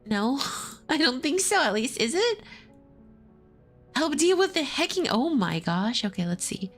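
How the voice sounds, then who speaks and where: A woman's voice: sits high, very animated, unhurried, soft background music. A woman streamer chatting casually and laughing while she plays a game and reads its text aloud. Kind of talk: casual let's-play commentary.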